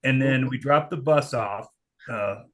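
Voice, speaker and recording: A man's voice: mid-range voice, unhurried. A man on a video call recounting a band mishap in a dry, matter-of-fact way. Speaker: musician guest. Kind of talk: casual conversation.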